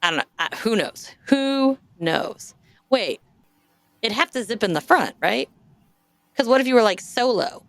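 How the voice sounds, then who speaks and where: Woman podcast host reading stories, joking around, smooth voice. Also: a little high, lively intonation, a little slow, no room sound. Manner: chatty, jokey, reads aloud with asides. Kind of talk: casual chat and reading listener stories.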